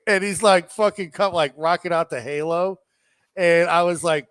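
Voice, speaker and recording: A man's voice: sits high, unhurried, no echo, studio quality. A man co-hosting a podcast, telling a story in casual chat, swearing often and acting out what people said. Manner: animated storyteller, swears a lot, acts out quotes. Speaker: podcast co-host.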